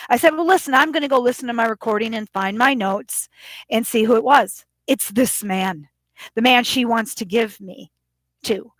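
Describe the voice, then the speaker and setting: A woman's voice: sits high, dry recording. A woman vlogger retelling a phone call in an agitated, rambling way, often quoting both sides. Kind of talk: casual vlog rant.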